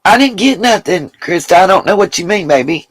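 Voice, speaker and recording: On her live stream, this woman talks bluntly and with emphasis, cursing without restraint while reading chat and thanking viewers. She speaks fairly quickly in a lowish, husky, expressive voice. The recording is rough, though echo-free.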